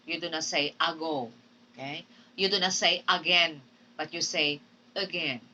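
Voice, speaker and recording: Woman, Filipino accent, pronunciation teacher, bright tone, slightly low pitch, patient repetition. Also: steady tone, brisk, distant mic, slight background noise, low-quality recording. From Philippines. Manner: patient, drills words and repeats them. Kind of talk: classroom lecture.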